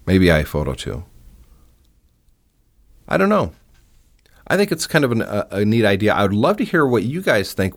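A man hosting a podcast on his own, talking casually and with strong opinions, with plenty of fillers and restarts. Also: on the low side. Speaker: podcast host. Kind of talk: casual solo podcast talk. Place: indoor home studio.

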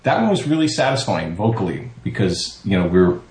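A man with a low voice talks casually about his voice work. He brings his stories to life by acting out what others said. The sound carries a roomy echo. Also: a little fast. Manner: animated storyteller, acts out quotes. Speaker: voice actor, guest. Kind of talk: casual interview chat.

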